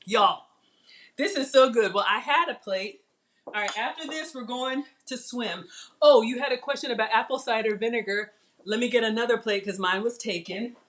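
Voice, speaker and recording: A woman's voice: a little high, normal speed, a bit bright, a little hiss or hum. A woman hosting a casual live cooking stream from her home kitchen, chatting animatedly with viewers. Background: cutlery and dish clatter.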